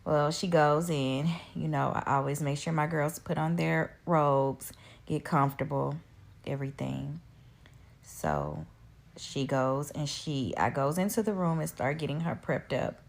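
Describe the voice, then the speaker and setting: A woman who provides post-op care, retelling an incident in an animated way with quoted dialogue. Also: deep voice, vocal fry. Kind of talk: storytelling in a clip.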